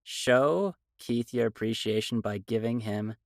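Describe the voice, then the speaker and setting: A man's voice: medium pitch, unhurried, gravelly, no echo, clean studio sound. A man hosting a podcast, chatting and joking casually with his guests. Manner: jokey, chatty. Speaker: podcast host.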